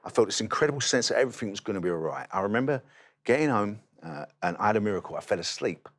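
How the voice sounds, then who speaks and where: A man, a guest in an interview, telling his testimony as a lively storyteller who acts out the dialogue. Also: on the low side, rapid-fire.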